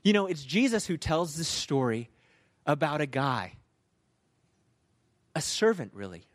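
A male pastor preaching a sermon in a conversational, animated storytelling manner. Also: a little high, unhurried.

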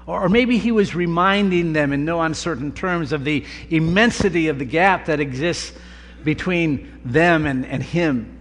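A man preaching a sermon, with slow, deliberate delivery and emphatic pauses. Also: a little high, a bit bright. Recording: long reverb of a large hall, faint hum.

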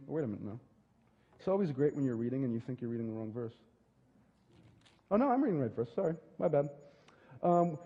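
Animated preacher in a reverberant hall. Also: male voice, mid-range voice, moderate pace, pauses often, slightly rough. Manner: animated storytelling, acting out dialogue in lively voices. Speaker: pastor. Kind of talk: sermon. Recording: dull lo-fi sound with long hall reverb.

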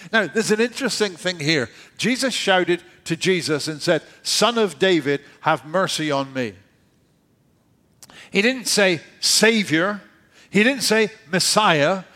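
A man preaching a sermon in a conversational way, dropping his voice low and soft to stress key points. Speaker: pastor.

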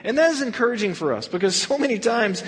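Animated, high-voiced male Bible teacher. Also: fast talker, big-room sound. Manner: animated storyteller who acts out scenes. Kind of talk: verse-by-verse sermon.

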